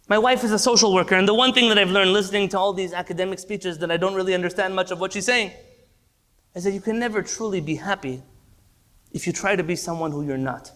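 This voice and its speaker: A high, bright-voiced man lecturing as a rabbi at an evening class. He speaks earnestly, stacking repeated phrases for emphasis, with a passionate, forceful edge. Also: quick pace. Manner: earnest, impassioned, repetitive for emphasis.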